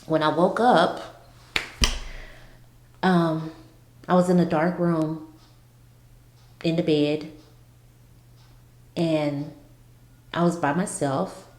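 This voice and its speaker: Woman vlogger, slow and halting storyteller, lowish voice, echoey room. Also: fairly even intonation, a little mellow, a little hiss or hum. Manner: halting, with many restarts. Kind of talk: personal storytelling. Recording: roomy echo.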